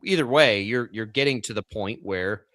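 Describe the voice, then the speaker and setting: A young radio host with a low pitch and a bright, forceful tone, rambling through casual sports talk with plenty of fillers. He grew up in Texas but has trained out the twang. The sound is close and dry, straight off a studio mic. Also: moderate pace, no room sound. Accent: General American, trained out a Texas twang. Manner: rambling, self-deprecating, lots of fillers. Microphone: studio broadcast mic.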